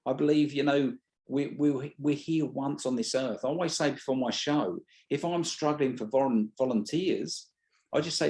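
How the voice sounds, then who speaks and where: Brief: British-accented stage hypnotist, mid-pitched, blunt and chatty. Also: male voice, normal speed, darkish tone. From Britain. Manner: blunt, swears freely, restarts mid-sentence. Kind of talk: casual interview chat.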